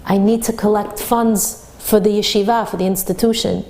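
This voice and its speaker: A woman's voice: mid-range voice, fairly even intonation, normal speed, darkish tone, lightly acted. A woman voicing a humble older male rabbi, pleading and apologetic.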